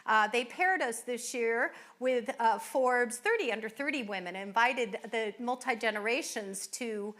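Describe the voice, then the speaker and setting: A woman with a bright, fairly high voice hosts a live event on a microphone. She introduces guests one after another, offering effusive thanks and filling her pauses with "uh" and "you know.". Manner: warm effusive thanks with fillers. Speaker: event host. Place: winery event venue.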